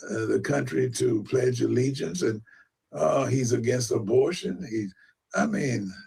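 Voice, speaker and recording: A man's voice: mid-range voice, a little slow, warm tone. A man preaching in a played clip, rambling along with big, showy words. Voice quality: gravelly, raspy. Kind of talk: preaching commentary.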